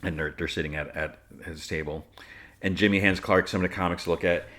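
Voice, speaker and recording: A man's voice: low voice, fairly even intonation, fairly quick, fairly bright tone. A man hosting a podcast, recapping an episode in a casual, rambling way with lots of fillers and restarts. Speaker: podcast host.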